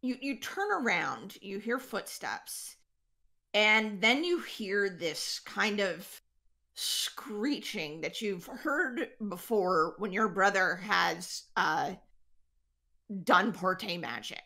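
A woman runs a tabletop role-playing game as its game master. Her voice is bright and forceful, and she speaks slowly. She often pauses on fillers as she sets each scene. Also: medium pitch, expressive, vocal fry. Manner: unhurried, hesitant with many fillers.

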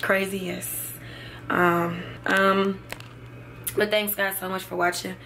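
A woman's voice: mid-range voice, little pitch movement, slow pace, pushed and bright, slight background noise. A young woman chatting casually to her viewers in a vlog, calling them y'all. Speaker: vlogger.

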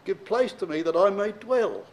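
A man's voice: animated, moderate pace, low-quality recording. A man teaching a sermon, reading old-style scripture verses and explaining them directly to his listeners with emphasis. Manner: reads King James verses then explains them plainly to the congregation; emphatic, varies pitch and pace widely for emphasis. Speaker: Bible teacher.

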